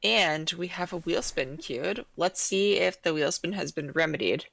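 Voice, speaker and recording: A woman's voice: on the low side, moderate pace, creaky, fairly bright tone, no room sound. A woman co-hosting a charity stream, reading donations and teasing her co-host playfully. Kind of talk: casual stream chat.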